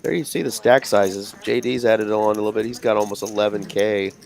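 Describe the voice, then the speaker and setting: A man's voice: on the low side, fairly even intonation, fairly quick, gravelly, darkish tone, slight background noise. A man co-hosting live poker commentary, chatty and agreeable. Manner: agreeable, chatty, upbeat sign-offs.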